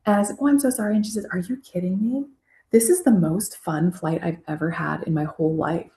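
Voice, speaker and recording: A woman therapist, a podcast guest, telling personal stories casually and lively. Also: lowish voice, brisk, reverberant, slight background noise. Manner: storytelling, animated when quoting herself. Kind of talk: casual interview chat.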